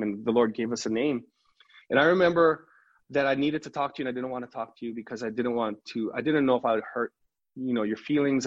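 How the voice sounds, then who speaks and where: Husky middle-aged pastor telling a story. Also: male voice, mid-range voice. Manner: animated storyteller who acts out quoted dialogue. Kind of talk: storytelling in a podcast interview. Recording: slightly muffled lo-fi recording.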